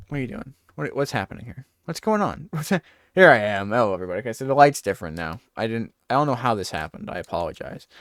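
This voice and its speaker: A man's voice: medium pitch, clear, resonant tone, no room sound, studio quality. A man hosting a talk show, telling a rambling comedic bit and acting out scenes. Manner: animated, rambling, acts out scenes.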